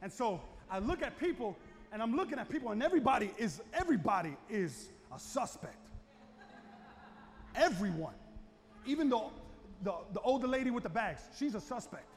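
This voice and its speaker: A man's voice: extremely high pitch, normal speed. A male pastor preaching a dramatic storytelling sermon in a church. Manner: dramatic, animated storyteller who builds to shouting. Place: church sanctuary. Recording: echoey church hall with long reverb.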